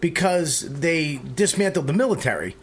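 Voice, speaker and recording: A man's voice: a little high, big pitch swings, normal speed, slight background noise. Rambling, profane podcast host, a man. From Boston area. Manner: rambling, profane, laughs often. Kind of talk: casual podcast banter.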